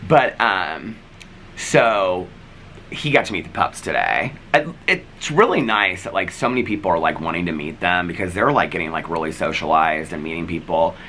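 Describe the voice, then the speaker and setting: A man's voice: sits low, expressive, normal speed, sharp tone, a little hiss or hum, poor audio. A man vlogging in casual chat, rambling as he retells stories and acts out what people said. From United States. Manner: rambling, retells scenes acting out each line.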